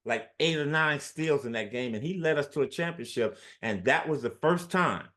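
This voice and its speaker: A man's voice: fairly high pitch, moderate pace. A man in his sixties, a former athlete, telling stories in an interview and acting out the quotes of the people in them. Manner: animated storyteller, acts out quotes. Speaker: former basketball player, guest. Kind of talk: storytelling in an interview.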